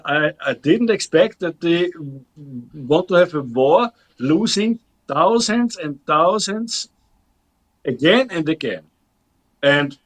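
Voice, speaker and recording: A man from Austria who is a combat medic instructor, talking as an interview guest in a halting way with many restarts. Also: fairly high pitch, rough recording. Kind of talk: casual interview chat.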